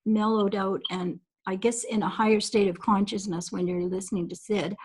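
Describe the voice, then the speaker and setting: A woman's voice: medium pitch, steady tone, moderate pace, a little mellow, breathy edge, low-quality recording. A woman guest on a recorded call, telling stories from long ago in a reflective, rambling way with many fillers. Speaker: guest recalling early days.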